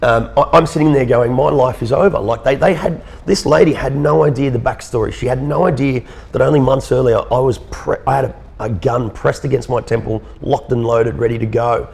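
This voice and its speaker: This guest is a thirtysomething Australian man with a mid-range, gravelly, slightly mellow voice. Recounting something personal in an interview, he sounds sincere, stumbles along, and repeats himself a lot.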